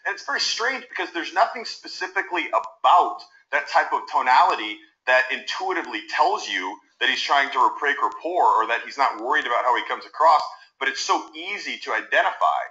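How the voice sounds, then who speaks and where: A man gives an instructional talk, moving animatedly between example tones. His voice is bright and pressed. The recording is roomy and a little muffled, like a played-back video clip. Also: medium pitch, expressive, a little fast, few pauses. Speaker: communication coach.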